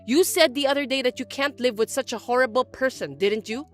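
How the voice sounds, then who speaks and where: A woman's voice: high-pitched, a little fast, soft background music, close to an everyday voice. A woman voicing a domineering mother-in-law who talks in an indignant, accusing, whiny way. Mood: whining. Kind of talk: scripted story voice-acting.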